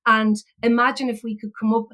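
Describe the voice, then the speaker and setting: A woman's voice: on the high side, level tone, fairly quick, fairly bright tone, low-quality recording. An Irish woman, a philosophy educator, telling a personal story in a rambling way, full of fillers and restarts. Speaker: podcast guest, philosophy educator.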